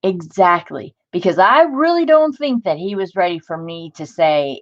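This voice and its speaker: A woman's voice: fairly low pitch, animated, moderate pace, hardly any pauses, dull audio. A woman hosting a crafting stream, venting in casual chat and answering viewers in the chat. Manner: exasperated, talks to live chat viewers. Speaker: crafting channel host.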